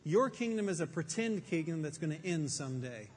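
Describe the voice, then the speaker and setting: A man's voice: fairly high pitch, animated, brisk, darkish tone, close to an everyday voice. Guy playing a stern holy man giving orders, firm and bossy, faint hiss behind. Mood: commanding. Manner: firm, commanding. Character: stern commanding man casting out spirits. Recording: faint reverb and background noise.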